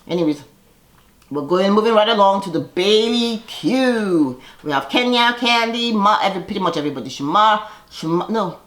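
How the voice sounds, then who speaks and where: A woman's voice: medium pitch, expressive, moderate pace, fairly bright tone, roomy sound. A woman casually recapping a reality TV episode, chatty and sassy, laughing often and acting out quoted lines.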